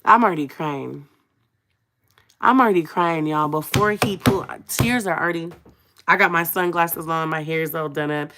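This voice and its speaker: A woman's voice: low-pitched, normal speed, pushed and bright, a little hiss or hum. A young woman telling a personal story on a livestream, emotional and confiding, speaking straight to her viewers. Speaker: vlogger on a live stream.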